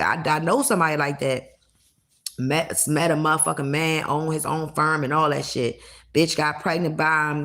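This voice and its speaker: Low, gravelly, blunt-talking woman. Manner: blunt, profane, animated storytelling. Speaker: livestreamer. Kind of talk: casual livestream chat.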